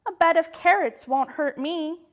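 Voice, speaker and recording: A woman's voice: very high-pitched, measured pace, voice pushed up. A woman voicing a small, boastful male knight in a rhyming picture book. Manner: laughing, bragging.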